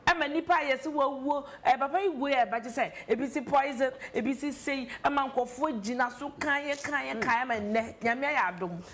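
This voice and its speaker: A woman's voice: high-pitched, brisk, hardly any pauses, a little hiss or hum. A woman on a talk show panel, chatting casually and animatedly, mixing English into her talk. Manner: animated, mixes English into Twi. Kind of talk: casual chat.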